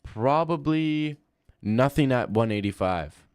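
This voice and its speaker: A man's voice: mid-range voice, lively intonation, slow pace, smooth, no room sound, studio quality. A man in his thirties streaming, chatting casually and answering chat with crude slangy banter. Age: 30s. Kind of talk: casual livestream chat reading.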